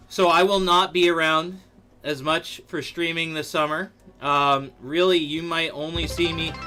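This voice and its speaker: A man hosting a live stream in casual chat, loud, excitable and rambling. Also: a little high. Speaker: livestream host.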